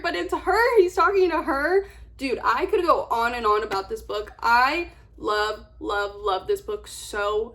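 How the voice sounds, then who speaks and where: A young woman vlogger chatting casually about books she read, gushing and rambling, repeating words for emphasis. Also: fairly high pitch. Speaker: book vlogger. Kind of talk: casual book review chat.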